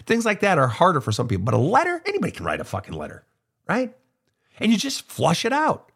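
A man's voice: fairly high pitch, wildly swooping pitch, fast, a bit bright, slightly rough. A middle-aged man hosting a casual advice monologue, blunt and profane as he answers listener questions. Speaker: host, soul counselor.

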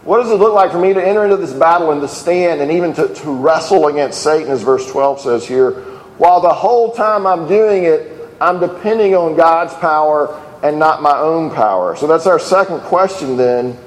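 A man's voice: fairly high pitch, moderate pace. A man preaching a sermon in an earnest voice, with fillers and restarts, who acts out the quoted lines. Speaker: pastor. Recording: echoey hall with long reverb.

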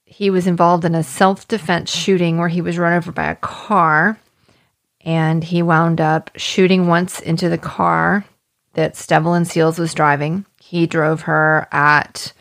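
A woman talks through a true-crime case as a podcast host. Her voice sits low with a gravelly edge. She explains the legal points in a plain, conversational way. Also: a bit bright.

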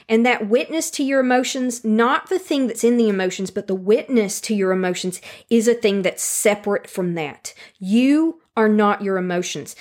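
A woman giving a calm, earnest self-help talk that speaks directly to the listener and repeats key phrases for emphasis. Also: on the high side. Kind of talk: teaching monologue on handling anger.

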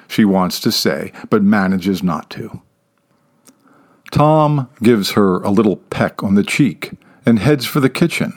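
A man reading a story aloud as narrator, in a measured delivery that sometimes drops to a whisper for dark asides. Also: fairly low pitch, animated. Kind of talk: scripted narration.

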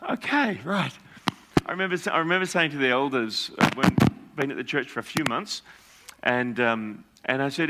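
A male pastor preaching a sermon through animated stories, acting out the people he quotes. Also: medium pitch, moderate pace. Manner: animated storyteller, acts out quotes. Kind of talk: storytelling sermon.

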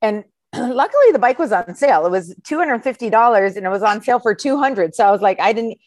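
A woman's voice: fast talker, no echo. A woman in her forties, a schoolteacher, telling a story in casual chat and acting out the voices of the people in it. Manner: animated, acts out quoted voices with a high exclaiming tone. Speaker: podcast guest telling a story.

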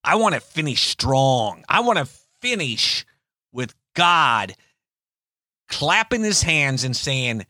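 A man's voice: mid-range voice, no echo, clean studio sound. An older man preaching an encouraging sermon, chuckling often and stretching words out for emphasis. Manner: lively, chuckling, drawn-out emphasis. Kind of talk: inspirational sermon.

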